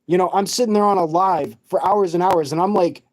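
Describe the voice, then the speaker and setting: A tearful vlogger pours out a rambling, swear-filled rant straight to camera. The voice sits at a middle pitch with a dark, mellow tone, and the delivery is agitated and restless. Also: fairly quick, a little hiss or hum. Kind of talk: emotional profane rant to camera.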